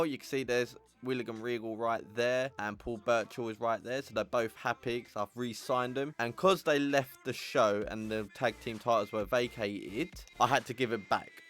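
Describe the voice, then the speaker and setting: Calling his audience ladies and gentlemen, a gaming channel host talks through game results in casual gameplay commentary. His voice sits at medium pitch, he puts on a playful accent, and surprises make him exclaim.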